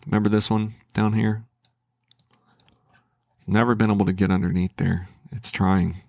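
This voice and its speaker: A man with a low, gravelly voice talks himself through his trading as a channel host, casual and hesitant. He starts sentences over and thinks aloud. The sound is dry and close, with no room around it. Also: flat delivery, normal speed, darkish tone, no echo. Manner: thinking aloud, hesitant, with restarts and self-talk.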